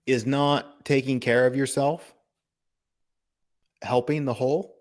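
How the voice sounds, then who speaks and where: A man giving a calm, reflective spiritual talk on a live broadcast, asking gentle rhetorical questions. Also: medium pitch, slow pace. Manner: calm, contemplative, asks rhetorical questions, laughs softly.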